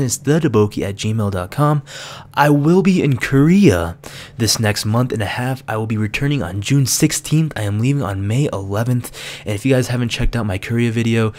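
A young man vlogging casually, telling an animated story with laughs and acted-out quotes. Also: medium pitch. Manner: animated, laughs often, acts out quoted lines. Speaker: gaming vlogger.

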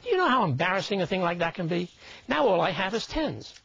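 Older man with a lively, high voice. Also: fast, gravelly, slightly rough, no echo, lo-fi sound. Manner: wisecracking, chatty showman. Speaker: magician. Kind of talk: comedic magic patter.

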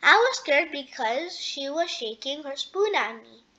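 A woman's voice: sits high, animated, measured pace, bright, forceful tone, exaggerated voice. A woman voicing a male house cat in a children's storybook, pleading and explaining himself. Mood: sheepish.

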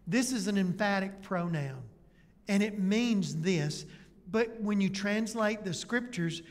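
A man preaching a sermon as pastor in a conversational way, full of rhetorical questions. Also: high-pitched. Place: church sanctuary. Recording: church hall reverb.

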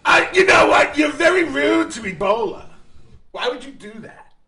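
Brief: very high, gravelly evil clown, yelling insults at callers, echoey room with faint music. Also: male voice, lively intonation, normal speed, full character voice. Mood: taunting. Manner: screeching, insulting, cackling. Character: shrill cackling evil male clown host. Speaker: host. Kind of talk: live call-in show.

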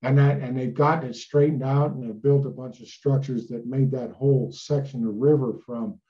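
An older man from Illinois spins long, rambling river stories in a folksy, unhurried way, full of fillers and little asides. His voice sits at an ordinary middle pitch. The recording sounds a bit dull and lo-fi. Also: fairly even intonation, dark tone. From Illinois, USA. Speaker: guest, retired river towboat captain. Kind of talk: casual storytelling in an interview.

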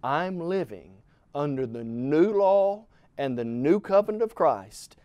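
A man's voice: fairly high pitch, expressive, slow pace, a little mellow, smooth, no room sound. Emphatic middle-aged man preaching a Bible lesson. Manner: earnest, emphatic preaching that rises and falls in volume; addresses the listener as "friend".

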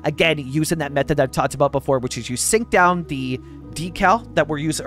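A man talks through his city-building gameplay in a loose, rambling way, full of fillers and little chuckles. His voice sits a touch high and swings up and down a lot. Soft music plays quietly behind him. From Canada (Vancouver). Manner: rambling, chuckling, thinking aloud with many fillers. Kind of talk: casual gameplay commentary. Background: faint background music.

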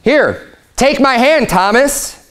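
Patient, coaxing adult man voiced by a male preacher, higher than usual. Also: animated, takes it slowly, a bit bright, full character voice. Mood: reassuring. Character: risen adult male Jesus, patient and reassuring.

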